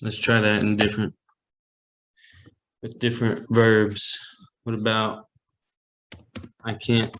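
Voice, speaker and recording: A man's voice: on the low side, completely flat delivery, slow, long pauses, a bit bright, low-quality recording. A man teaching a language class over a video call, patiently explaining and repeating example phrases. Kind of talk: online language lesson. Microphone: computer mic on a video call.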